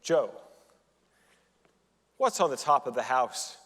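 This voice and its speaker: A man's voice: mid-range voice, animated, takes it slowly, a bit bright, long reverb tail, pitched below the performer's own voice. A man doing an eager dog owner. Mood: coaxing. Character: eager man showing off his talking dog.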